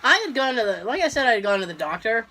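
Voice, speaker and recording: Brief: female podcast co-host, fighting a cough, animated voice that swings up and down, acts out every quote. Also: fairly high pitch, fast talker. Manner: animated storytelling, acting out quotes, laughing often. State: sick with a cough. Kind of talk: casual chat.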